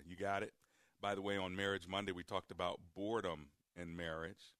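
A man's voice: lowish voice, brisk, a bit bright, no echo, clean studio sound. A man hosting a call-in radio show, a preacher who talks to listeners directly and repeats key points.

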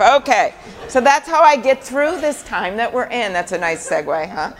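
A woman's voice: sits high, moderate pace, a faint crowd, slight background noise. A middle-aged woman from Minnesota, a senator, giving a chatty live speech full of anecdotes and fillers. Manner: chatty storytelling with many fillers. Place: event hall before a live audience.

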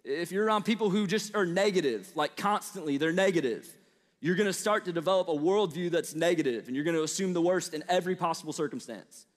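High-voiced young preacher in a hall. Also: male voice, fast talker. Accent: Midwestern American with a slight Southern twang. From Midwestern US. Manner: conversational, storytelling, lots of fillers and asides. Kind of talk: casual sermon to college students.

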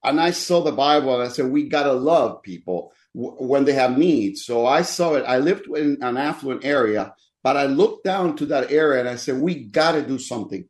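A man's voice: medium pitch, lively intonation, moderate pace, few pauses. Pastor in his sixties, earnest. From Dominican Republic. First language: Spanish. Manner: earnest storytelling with frequent fillers. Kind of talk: interview guest telling his life story.

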